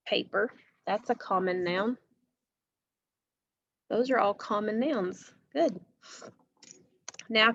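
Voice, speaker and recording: A woman's voice: mid-range voice, creaky, fairly bright tone, muffled recording. A woman teacher giving a phonics lesson to a class, speaking patiently and asking her students questions.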